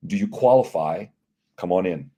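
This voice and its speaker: A man with a lowish, mellow voice talks through his business story in a casual interview. He slips into quoted back-and-forth dialogue, doing the other people's lines with lively energy. The tone stays relaxed and conversational throughout. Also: moderate pace. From United States. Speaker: CEO of immigration and employment firm, guest.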